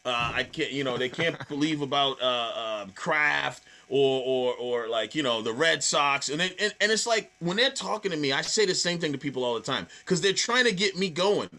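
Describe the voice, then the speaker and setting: Boston-accented male comic, chatty storyteller, bright and slightly high voice. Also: lively intonation, moderate pace, few pauses. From Boston area. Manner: swearing, storytelling, acts out quoted voices. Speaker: stand-up comedian, guest. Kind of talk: casual podcast chat.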